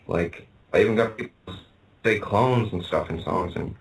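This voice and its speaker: A man's voice: fairly low pitch, normal speed, creaky, distant mic, low-quality recording. A man telling stories in a casual interview, meandering with fillers and restarts. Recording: voice from off the mic.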